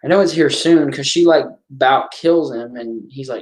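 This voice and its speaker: A man's voice: medium pitch, normal speed. A man giving casual watch-along commentary on a horror film, chatting and reacting aloud to the scenes.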